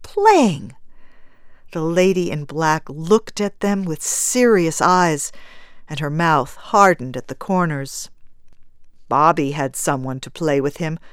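A woman narrating a classic story in a measured, even reading style. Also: low voice, clean tone, no room sound, clean studio sound. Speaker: audiobook narrator.

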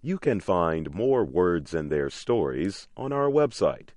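A man hosting an English-learning program, reading a scripted lesson with clear, measured enunciation. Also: deep voice, very animated, darkish tone, no room sound, clean studio sound. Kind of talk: scripted teaching narration.

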